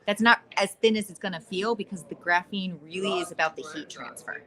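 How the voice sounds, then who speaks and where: A woman's voice: lowish voice, brisk, a crowd in the background. Chatty woman hosting a live stream. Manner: chatty, bubbly, many fillers. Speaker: host. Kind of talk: casual live-stream chat. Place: trade expo hall.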